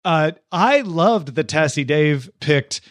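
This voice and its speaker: A man's voice: fairly high pitch, expressive, slow pace, dry recording. Easygoing man podcast co-host, dry sound. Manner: easygoing, agreeable, many "yeah"s. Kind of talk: casual chat.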